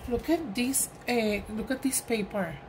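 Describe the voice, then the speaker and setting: Slow-talking woman, gushing over a gift, voice a bit high. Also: noisy background. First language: Spanish. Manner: gushing, exclamatory, enthusiastic. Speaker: crafting vlogger. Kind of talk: gift unboxing chat.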